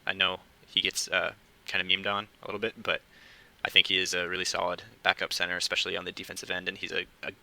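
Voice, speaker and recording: Brief: young male podcast host, deep gravelly voice, quiet and halting, home recording at night. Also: completely flat delivery, rough recording. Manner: quiet, hesitant, many fillers. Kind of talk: casual solo podcast talk.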